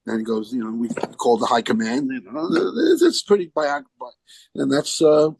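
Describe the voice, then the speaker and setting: A guest musician speaks briskly in a slightly rough mid-range voice, telling a casual, meandering podcast story with restarts and animated impressions of the people in it. There's no echo, but the recording quality is low.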